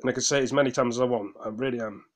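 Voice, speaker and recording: A gaming vlogger races through a rambling, casual rant in a medium-pitched, steady-toned voice. Tired but heated, he swears, keeps restarting and apologizes to his viewers.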